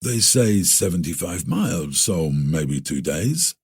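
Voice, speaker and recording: A man's voice: deep voice, big pitch swings, slow, a little mellow, husky, heavily acted. A man voicing a taciturn, mysterious stranger from the far north who speaks in clipped, broken English. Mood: terse.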